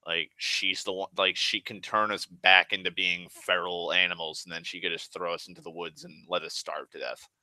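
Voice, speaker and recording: Low-voiced rambling young man. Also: little pitch movement, normal speed, few pauses, sharp tone, no room sound. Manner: rambling, full of "like", restarts and swearing. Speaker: online show host. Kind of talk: casual rambling monologue.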